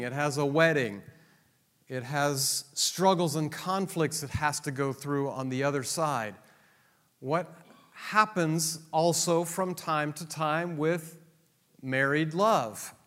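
Slow-speaking man lecturing in a reverberant hall. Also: a little high, fairly bright tone. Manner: joking, teasing the audience. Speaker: Bible teacher. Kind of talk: classroom lecture. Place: classroom with an audience.

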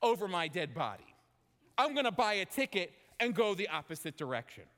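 A man's voice: high-pitched, big pitch swings, fairly quick, a bit bright, exaggerated voice. A man voicing an indignant, reluctant male prophet, protesting in an exasperated way. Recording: long hall reverb.

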